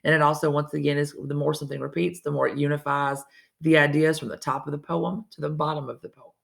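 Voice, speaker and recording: Gravelly Southern woman teacher. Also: low voice, level tone, fast talker. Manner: chatty, explains step by step, self-correcting asides. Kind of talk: recorded online reading lesson.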